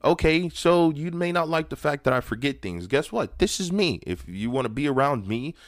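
A man's voice: on the high side, lively intonation, moderate pace, no echo, studio quality. A man in his thirties hosting a podcast, giving a candid personal monologue in a blunt, profane, emphatic way, often restarting his sentences. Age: 30s. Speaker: podcast host.

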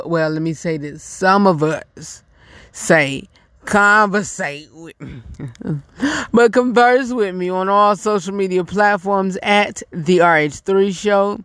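Slow-talking Southern man hosting a show. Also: high-pitched, fairly bright tone, smooth, no room sound, clean studio sound. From North Carolina. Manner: chatty, repeats himself, laughs often. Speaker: podcast host. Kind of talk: casual solo chat.

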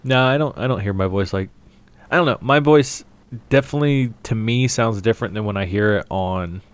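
Laid-back man, lowish voice. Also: a little fast, smooth. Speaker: podcast co-host. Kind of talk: casual podcast chat.

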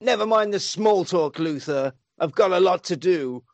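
A man's voice: sits high, animated, moderate pace, dry recording. A man voicing a stern, impatient superhero while retelling a film.

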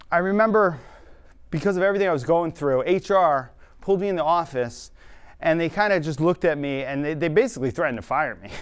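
Fast-talking earnest man with a higher pitch. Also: clean tone. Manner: fast, earnest, with self-aware laughs. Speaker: speaker telling his life story. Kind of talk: personal storytelling talk.

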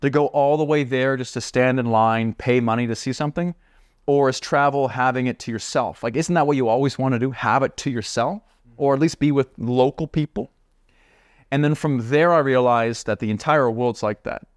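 A man who is a podcast guest, telling a story in an animated, chatty way with lots of asides. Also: medium pitch, moderate pace, no room sound, studio quality. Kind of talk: casual storytelling.

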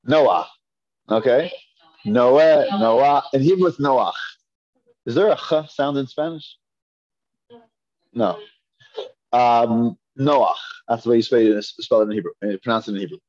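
A man's voice: mid-range voice, unhurried, pauses often, a little mellow. Patient man teaching Hebrew reading. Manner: patient, repeats and drills pronunciations. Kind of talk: classroom reading lesson. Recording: dull lo-fi classroom recording.

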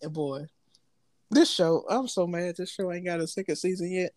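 A man's voice: high voice, moderate pace, dry recording. A man co-hosting a podcast, talking loosely in slang and laughing often as he tells stories. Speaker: podcast co-host. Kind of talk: casual chat.

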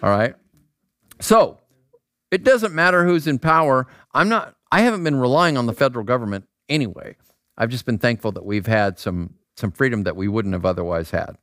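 Animated man preaching a casual sermon. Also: medium pitch, normal speed, dry recording, studio quality. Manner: animated, acts out voices, asks rhetorical questions. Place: outdoor square.

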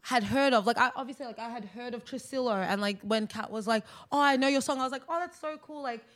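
Young woman, Australian accent, slightly high voice, casual chat, lots of fillers, trailing off. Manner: fast, filler-heavy, trailing off quietly. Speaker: musician guest.

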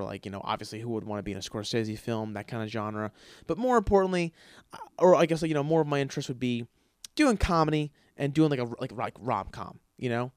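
A man hosts his show with a loose, rambling storytelling style, swearing freely and tripping over fillers as he acts out bits of dialogue. His voice sits at an ordinary middle pitch and is recorded close and dry, with no room sound around it. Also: clear, resonant tone, no room sound. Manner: profane, rambling, filler-heavy. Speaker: podcast host. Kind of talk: casual storytelling monologue.

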